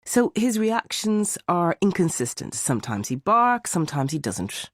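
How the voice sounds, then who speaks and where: A man's voice: sits high, very animated, moderate pace, fairly bright tone, no echo, pitched above the performer's own voice. A man doing a pointed courtroom lawyer, probing, dry close voice. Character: sharp, pressing male defence barrister. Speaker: defence lawyer.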